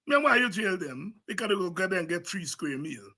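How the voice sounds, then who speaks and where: A man's voice: sits high, very animated, brisk, pushed and bright. A man with a Guyanese Creole accent giving fiery, preaching political commentary as a show host, repeating himself and sliding into Creole.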